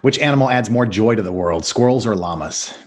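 A man hosting a casual podcast interview, upbeat and quick to laugh. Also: lowish voice, expressive, a little hiss or hum. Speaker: podcast host.

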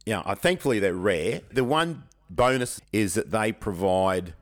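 A middle-aged man, a teacher and podcast co-host, telling stories in a frank, colloquial, animated way. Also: lowish voice, measured pace. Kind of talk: casual chat.

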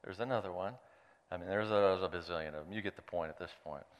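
A man preaching with a smooth, resonant voice, reading scripture and breaking off into playful, animated asides. His words hang in a long reverb from a church hall. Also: low voice, fast. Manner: playful, animated storyteller who jokes aside. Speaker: pastor.

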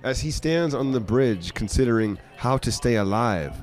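A man's voice: medium pitch, animated, moderate pace, a little mellow, soft background music. A man co-hosting a podcast, reading a book blurb and joking casually. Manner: joking, easygoing. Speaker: podcast co-host.

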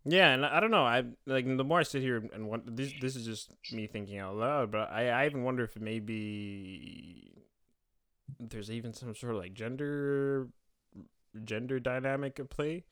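A young man co-hosting a casual podcast chat, thinking out loud and laughing often. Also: medium pitch, normal speed, smooth. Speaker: podcast co-host and editor.

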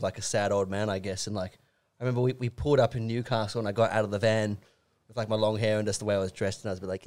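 A man's voice: fairly low pitch, a little mellow. A man from a band tells tour stories on a podcast. He rambles and restarts often, with plenty of fillers. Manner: rambling, halting, many fillers. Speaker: band member guest. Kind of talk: casual storytelling.

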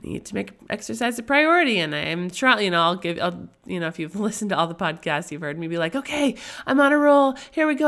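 Deep-voiced and a bit bright, a young woman chats her way through a casual faith-based podcast that she hosts. She keeps rambling into tangents and asking "right?", her voice nasal and weary from a cold that won't quite go away.

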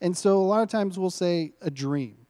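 A man's voice: high-pitched, normal speed, warm tone. A man in his thirties preaching as a guest speaker, informal and self-mocking, with frequent laughs between lines. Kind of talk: sermon.

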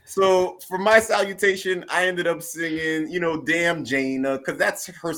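A man's voice: fairly high pitch, steady tone, measured pace, fairly bright tone. A man co-hosting a podcast in casual chat, laid-back and joking, often repeating his phrases. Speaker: podcast co-host.

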